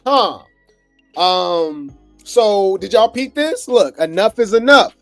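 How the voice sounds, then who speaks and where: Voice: mid-range voice, animated, takes it slowly, fairly bright tone, no echo, faint music behind. A gossip commentary host, reacting to clips with sarcastic, incredulous asides.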